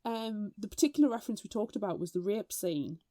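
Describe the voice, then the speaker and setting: Warm-voiced woman chatting. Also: mid-range voice, a little fast, no echo, studio quality. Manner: animated, swears freely, mimics voices in anecdotes. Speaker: podcast co-host. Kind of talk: casual book chat.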